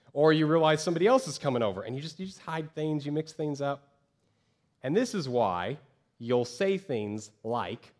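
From a church stage, a pastor preaches a sermon in a conversational style, acting out quoted voices with lively jumps. His voice is medium-pitched and his pace brisk.

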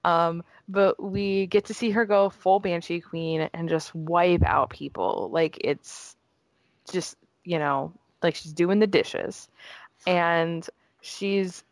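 Woman guest, low gravelly voice, excited and emotional, dry close sound. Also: no room sound. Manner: gushing and emotional, quick bursts. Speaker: guest discussing a game trailer. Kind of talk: excited casual chat.

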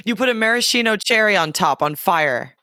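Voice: mid-range voice, lively intonation, fairly quick, bright, forceful tone, dry recording, clean studio sound. A podcast co-host in casual chat, joking, riffing on bits and laughing often. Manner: joking, laughs a lot, riffs on jokes.

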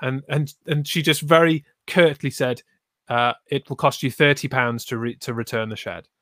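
Man, middle pitch, grumbling, swearing, dry sound. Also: fairly even intonation, normal speed, fairly bright tone, dry recording. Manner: aggrieved, sweary storytelling. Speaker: podcast co-host. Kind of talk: casual chat.

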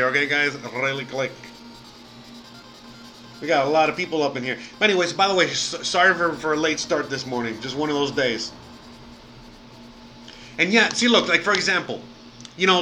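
Chatty, bright-voiced man live streaming. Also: on the high side, rough recording. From Miami, United States. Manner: rambling and chatty, full of fillers and casual swearing; reads out and thanks viewers by name. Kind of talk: casual live-stream chat.

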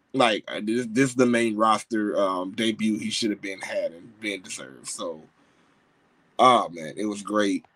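A man's voice: fairly low pitch, no echo, poor audio. A married man hosting a wrestling podcast, chatting casually in slang with lots of fillers and restarts. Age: adult, married. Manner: excitable, rambling with slang and many fillers. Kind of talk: casual wrestling review chat.

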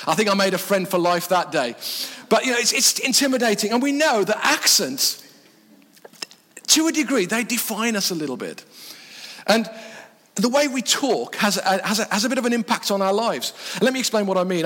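Laughing high-voiced preacher in a hall. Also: male voice, fairly bright tone. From Black Country, English Midlands. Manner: chatty, self-mocking, laughs often. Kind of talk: sermon. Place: church hall. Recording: reverberant church hall.

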